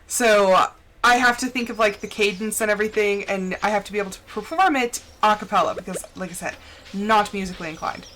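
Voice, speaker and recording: A woman's voice: medium pitch, brisk, slight background noise. A young adult woman hosting a live stream, chatting casually and playfully while she plays a game. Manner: chatty and playful, with animated storytelling asides. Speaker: live-stream gaming host.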